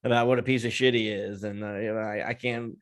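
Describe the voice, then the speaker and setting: A man's voice: fairly low pitch, steady tone, quick pace. A man in his thirties co-hosting a casual podcast, laid-back, laughing often and swearing freely. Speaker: podcast co-host. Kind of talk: casual banter.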